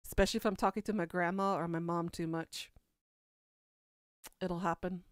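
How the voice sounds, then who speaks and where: A woman's voice: lowish voice, steady tone, normal speed, pauses often, clean tone, no room sound, clean studio sound. A woman from Kentucky with a Southern US accent, chatting casually as a podcast host and answering viewer comments in a rambling way. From Kentucky, USA. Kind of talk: casual chat.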